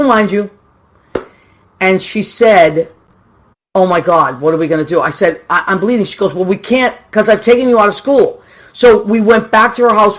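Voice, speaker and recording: A woman, telling a story about her grandmother in a chatty, self-mocking way with many asides. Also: lowish voice. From Boston, USA. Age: 50s. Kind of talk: casual storytelling.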